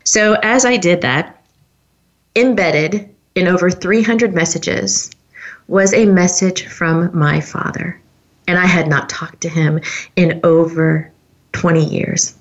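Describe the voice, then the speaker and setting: A woman's voice: on the low side, slow pace, highs cut off. A woman hosting a podcast, telling a personal story in an earnest, heartfelt way straight to her listeners. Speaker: podcast host.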